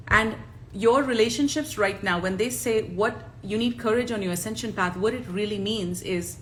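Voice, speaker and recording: A woman's voice: mid-range voice, a little hiss or hum. A woman giving a live spiritual talk as co-host, emphatic and preachy, repeating phrases for stress.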